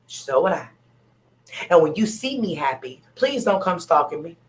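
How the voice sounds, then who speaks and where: A woman's voice: fairly low pitch, big pitch swings, moderate pace, poor audio. A woman speaking on an open panel, talking candidly and bluntly, repeating her points for emphasis. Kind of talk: candid casual chat.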